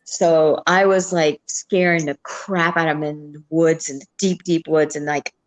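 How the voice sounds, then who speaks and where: A woman's voice: deep voice, flat delivery, a little slow. An older woman with grandchildren, frankly telling family stories in a casual livestream chat, laughing often.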